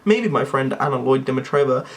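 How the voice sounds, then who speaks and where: A man's voice: mid-range voice, animated, a little fast. A young man talking to camera in a rambling, tangent-prone monologue. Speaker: YouTuber.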